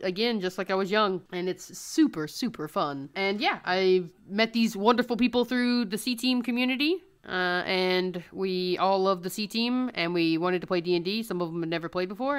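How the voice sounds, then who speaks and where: Podcast regular: an eager, effusive woman with a smooth, resonant voice, casual chat. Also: medium pitch, normal speed, hardly any pauses. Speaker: podcast player and interviewer.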